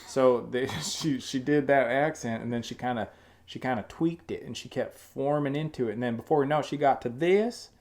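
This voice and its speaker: A man's voice: mid-range voice, moderate pace, darkish tone. A man co-hosting a casual podcast chat in a put-on American Southern drawl, joking and swearing freely. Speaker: podcast co-host.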